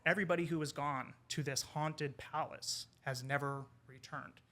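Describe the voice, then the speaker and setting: A man, an English professor, telling a folk tale in casual conversation over wine, animated and quoting the characters. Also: on the high side, moderate pace. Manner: animated retelling with quoted character lines. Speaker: podcast guest, English professor.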